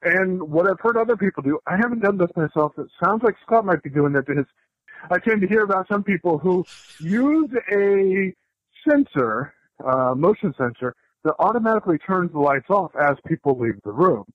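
This voicemail comes from a man in radio whose high voice has a sing-song lilt at a moderate pace. He rambles casually and cuts himself off repeatedly, and the dull, lo-fi recording has no room sound.

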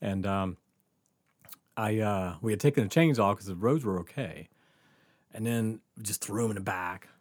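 A man's voice: fairly low pitch, normal speed, long pauses, no echo, studio quality. A man telling a casual story on a podcast, full of fillers, swearing and laughter. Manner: animated, laughs often, lots of fillers and swearing.

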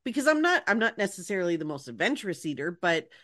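A woman's voice: fairly low pitch, big pitch swings, quick pace, fairly bright tone, no room sound. Woman co-host, curious, casual, dry recording. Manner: curious, laughs along. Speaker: podcast co-host. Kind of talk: casual chat.

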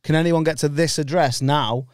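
A man's voice: fairly high pitch, fairly even intonation, moderate pace, smooth, no echo, clean studio sound. A man, a stand-up comedian guesting on a podcast, chatting casually, rambling, swearing freely and laughing often. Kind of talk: casual banter.

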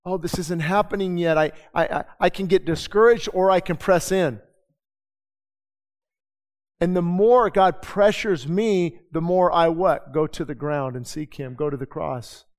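In a sermon recorded with a long reverb from a church sanctuary, a male pastor speaks loosely and conversationally, posing rhetorical questions and dropping quick asides. His voice is a little mellow and sits slightly high for a man.

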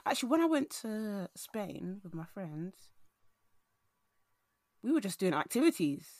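A young woman talks in an easy, animated way. She acts out little quotes as she goes and tells her stories with humour. The sound is close and dry, with no room echo. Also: medium pitch, measured pace. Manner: animated, laughing storyteller who acts out quotes. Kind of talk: casual chat.

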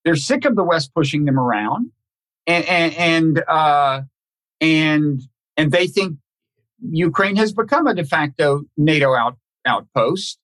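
A man hosting a podcast conversation, talking in a halting, thoughtful way with many restarts and repeated words. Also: on the high side, expressive, a bit bright. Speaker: podcast host. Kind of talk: casual conversational interview.

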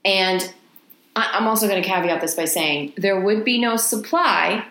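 A woman's voice: mid-range voice, normal speed, fairly bright tone, reverberant. A woman with a Texan accent, co-hosting a podcast and telling a story in casual chat, swearing freely and laughing often. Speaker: podcast co-host.

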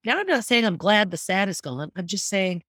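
A woman's voice: medium pitch, sing-song, brisk, fairly bright tone, dry recording. Middle-aged female podcast host, earnest and candid, mid-range voice, dry close recording. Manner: candid and earnest, speaking openly about grief. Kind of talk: reflective podcast monologue.

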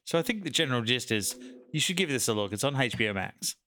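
A man's voice: mid-range voice, sing-song, fast talker, bright, forceful tone. A man co-hosting a casual movie podcast, giving dry, brief remarks. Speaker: podcast co-host. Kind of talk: casual movie review chat.

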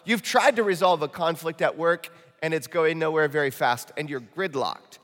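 Male pastor, midwestern accent, fairly high voice, animated storytelling sermon, long church-hall reverb. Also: moderate pace. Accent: Midwestern American. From Michigan. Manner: animated, jokey storytelling preacher. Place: church auditorium.

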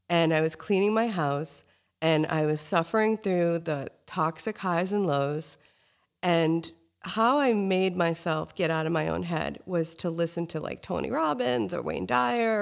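Woman host, slightly low voice, effusive and personal in conversation. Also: vocal fry. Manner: gushing, emotional, storytelling. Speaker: podcast host. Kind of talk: casual interview talk.

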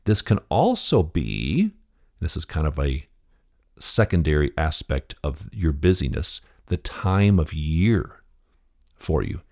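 A man in his fifties hosting a business podcast, telling a family story with quoted dialogue, talking casually and restarting often. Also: takes it slowly. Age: 50s. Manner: storytelling, acts out quoted dialogue with animated pitch jumps; frequent restarts and fillers, addresses the listener directly. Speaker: podcast host. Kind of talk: conversational business talk.

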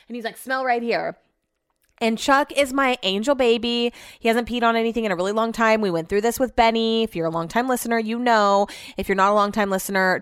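A woman's voice: medium pitch, fairly bright tone, clear, resonant tone, dry recording, clean studio sound. A young adult woman hosting a podcast, telling a story in a chatty, exasperated way and swearing freely. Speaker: podcast host. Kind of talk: casual storytelling monologue.

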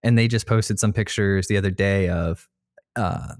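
A man hosting a casual podcast interview, chatty and quick to laugh. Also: lowish voice, no room sound, studio quality. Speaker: podcast host.

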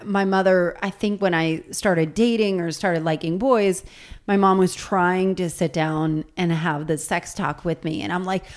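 Lively storytelling woman podcast host. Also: lowish voice, moderate pace. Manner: lively storyteller, acts out quotes. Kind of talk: casual podcast chat.

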